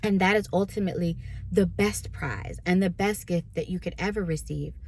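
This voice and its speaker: A woman's voice: on the low side, moderate pace, a little mellow, a little hiss or hum. Woman giving a chatty devotional talk. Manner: conversational, asks listeners "right?"; acts out listeners' complaints in quoted voices. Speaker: minister. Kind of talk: casual devotional teaching.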